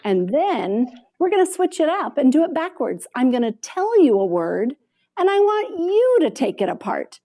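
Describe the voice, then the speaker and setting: A woman modeling a phonics lesson for children over a video call, drawing out word sounds slowly and praising often. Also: high-pitched, sing-song, mellow. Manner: slow, drawn-out sounding out of words with frequent praise. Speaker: reading teacher.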